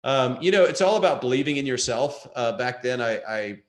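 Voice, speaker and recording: A man's voice: mid-range voice, lively intonation, a little fast. A man in his fifties giving a candid, self-deprecating motivational talk to an audience, often restarting his sentences. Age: 50s. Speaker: guest speaker. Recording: echoey room.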